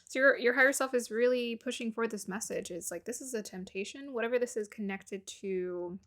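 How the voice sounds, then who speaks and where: A woman's voice: a little high, fairly quick, a bit bright. A woman giving a casual tarot reading to her viewers, musing aloud, laughing often and sometimes dropping to a murmur. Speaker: tarot reader.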